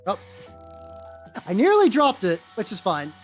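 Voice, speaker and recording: A VTuber streamer talks casually while painting, rambling from thought to thought with plenty of swearing and false starts. The pitch swings lively and expressive throughout. Quiet music plays faintly underneath. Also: measured pace. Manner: rambling and profane, many fillers and restarts. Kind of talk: casual live-stream chat while working. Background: faint background music.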